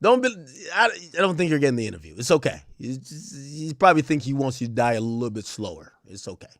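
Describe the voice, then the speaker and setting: A man's voice: medium pitch, sing-song, fast, no room sound, studio quality. A man hosting a stream, giving heated, casual commentary in an emphatic, slangy way and laughing often. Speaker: streamer host.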